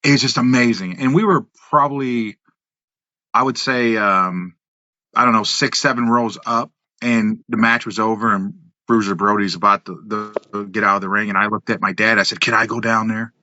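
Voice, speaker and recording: A man in his fifties, a podcast guest who tells lively stories from his past, acting out voices, laughing and swearing. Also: lowish voice, normal speed, no room sound. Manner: animated storyteller, acts out voices, laughs, swears. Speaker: podcast guest, wrestler and musician. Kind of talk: casual storytelling. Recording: dull, slightly lo-fi, dry.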